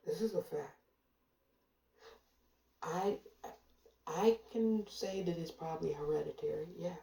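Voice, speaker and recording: An emphatic woman speaking in a low, gravelly voice with a dark, mellow tone. She hammers her points home through repetition, stretching out the words she stresses. The recording is echoey and picked up from some distance away from the mic. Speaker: commentator. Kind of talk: casual monologue to camera. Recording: echoey room from far off.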